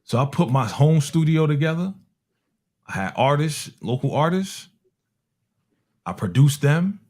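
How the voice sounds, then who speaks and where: Animated storytelling man from Harlem. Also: on the high side, measured pace. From Harlem, New York. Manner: animated, acts out other people's voices with slang. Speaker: music producer telling a story. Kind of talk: casual storytelling.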